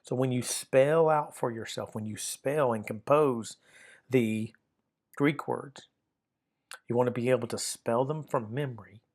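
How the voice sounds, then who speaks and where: A middle-aged man teaching a grammar lesson in a patient, repetitive way, often restarting his sentences and filling pauses with "uh". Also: mid-range voice, darkish tone. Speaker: Greek teacher. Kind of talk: recorded lesson explaining grammar.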